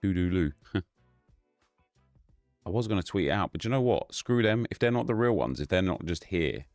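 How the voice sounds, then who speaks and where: A man with a very low voice hosts a gaming live stream from a home setup, chatting loosely and greeting viewers by name. The sound is dry and close, with faint music underneath. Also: animated, normal speed, a little mellow, dry recording. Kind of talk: casual live-stream chat.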